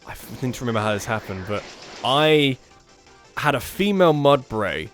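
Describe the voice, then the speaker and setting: With faint game music in the background, a young man does let's-play commentary in a medium-pitched, slightly bright voice with lively intonation at normal speed. He mocks himself, jokes, swears casually and voices the game's characters in put-on accents.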